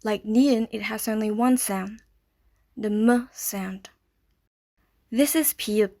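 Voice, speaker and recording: A woman narrating a scripted language lesson, explaining step by step in a slow, clear way. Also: medium pitch, dark tone. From Malaysia. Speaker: language teacher.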